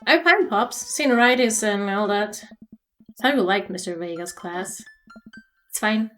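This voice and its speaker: A woman's voice: medium pitch, unhurried, a bit bright, faint music behind, natural voice. A woman voicing an evasive teenage daughter who brushes off her father's questions with curt answers. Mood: dismissive.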